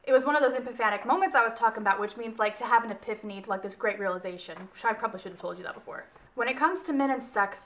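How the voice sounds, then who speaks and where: Chatty young woman with a bright voice. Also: a little high, very fast. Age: young adult. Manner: rambling, self-correcting, chatty. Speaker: book vlogger. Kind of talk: casual book review.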